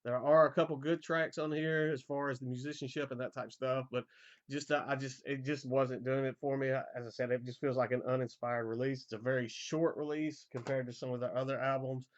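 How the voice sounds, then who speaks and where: Male vlogger, hoarse, easygoing record-collector chatter, muffled low-fi sound. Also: fairly quick. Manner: relaxed, rambling, frequent fillers and repeated starts. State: voice going hoarse. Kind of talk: casual album collection update.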